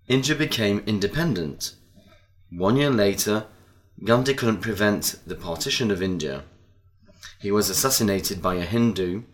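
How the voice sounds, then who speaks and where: A man reading scripted lesson narration and word lists in a slow, deliberate way. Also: on the low side, a bit bright. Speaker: narrator of language-lesson audio.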